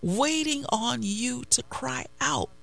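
Woman preaching real slow, gravelly fry in her voice, keeps repeating lines. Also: high-pitched, fairly bright tone. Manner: slow, deliberate, repeats phrases for emphasis. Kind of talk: devotional sermon with scripture reading.

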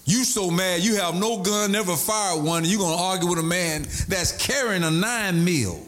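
A male pastor preaching a sermon, animated, shouting at times and sliding into a sing-song high voice. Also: moderate pace, faint music behind.

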